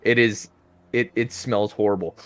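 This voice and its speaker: A man's voice: fairly low pitch, steady tone, moderate pace, no echo, faint music behind. A man playing a tabletop game, describing his character in a laid-back, joking way. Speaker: player. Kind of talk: casual tabletop game play.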